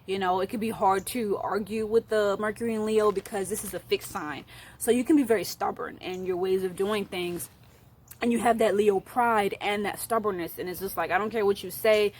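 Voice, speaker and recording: A young woman talks through star signs in a loose, playful way and leans on fillers like "you know" and "like". Her pitch sits in an ordinary middle range, and now and then she slips into a put-on voice for a bit. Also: normal speed, slight background noise. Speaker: astrology youtuber. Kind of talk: casual astrology talk to camera.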